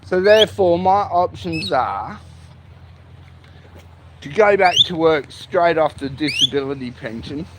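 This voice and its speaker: Bitter, foul-mouthed Australian man ranting slowly. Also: fairly high pitch, expressive, background noise. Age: 40s. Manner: bitter, heavily profane ranting. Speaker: vlogger. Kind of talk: venting monologue. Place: at home with a pet lorikeet. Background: a squawking pet bird.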